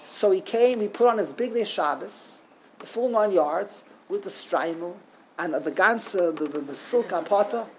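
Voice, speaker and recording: A man giving a Talmud class lecture, telling stories with animated rhetorical questions and frequent restarts. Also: high voice, a little slow, slight background noise. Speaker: Talmud teacher.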